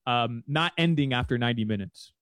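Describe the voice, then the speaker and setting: A man's voice: medium pitch, fairly quick, fairly bright tone, dry recording. A man as a guest soccer analyst in casual sports-betting chat, rambling with many restarts and fillers.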